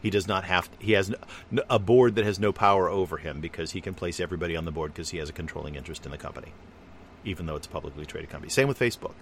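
A man with a low voice talks in rapid-fire bursts during a casual chat, musing at length and rambling through his explanations. There's a little hiss or hum in the recording.

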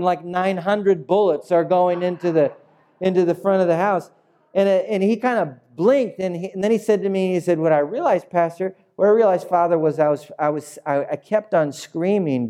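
A male pastor in middle age preaches with a mellow, relaxed tone. He tells his story in a lively way and acts out the people in it as he goes. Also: fairly high pitch, a little fast. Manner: animated storyteller acting out quoted voices. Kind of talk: sermon with storytelling.

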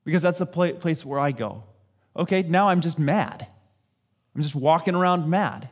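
A man's voice: on the high side, moderate pace. A man giving a sermon in a conversational, self-deprecating way, acting out what people say. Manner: conversational, self-deprecating preaching with acted-out quotes. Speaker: pastor.

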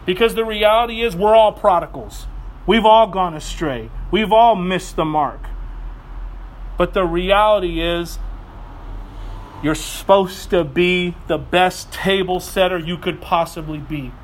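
Casting: male pastor, thirties, light high voice, earnest preaching, animated when telling stories. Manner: earnest, animated storytelling with quick asides. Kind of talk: sermon.

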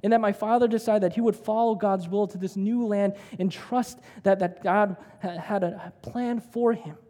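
Male pastor, chatty storytelling sermon, mellow tone, echoing hall. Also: high voice, steady tone, normal speed. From United States. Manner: conversational storytelling with frequent "right?". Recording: long hall reverb.

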